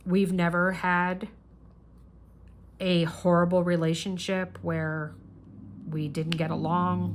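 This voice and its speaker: A woman's voice: fairly low pitch, a little hiss or hum. A middle-aged woman hosting a crafting channel, chatting casually and earnestly while she works on a diamond painting.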